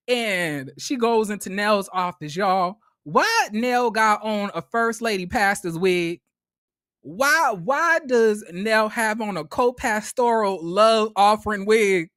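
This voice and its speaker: A man with a high, lively voice recaps a reality show. He swears freely and stammers through restarts as he tells the story. The recording is dry and close-up. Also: dry recording. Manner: animated, profane, stammering restarts. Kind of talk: casual profane recap commentary.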